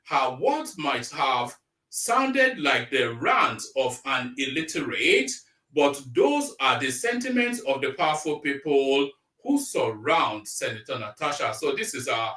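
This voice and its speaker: A man's voice: mid-range voice, sing-song, a little slow, pushed and bright. A man hosting a live stream, reading news aloud and breaking off into rambling, blunt, mocking asides. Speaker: live-stream commentary host. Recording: echoey room, voice a bit far from mic.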